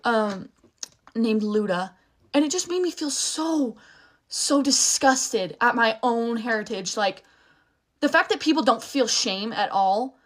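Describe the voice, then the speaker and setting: A young woman rants straight to her viewers in a casual vlog. Her voice sits a touch high, and she talks in a heated, profane rush, stopping and restarting as her thoughts run ahead. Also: lively intonation, takes it slowly.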